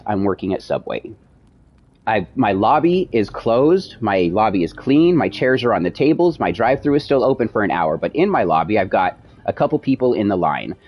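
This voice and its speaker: On a muffled recording, a man with a fairly low voice streams while spinning a long personal story in a casual way. His animated retelling quotes the dialogue and is packed with profanity.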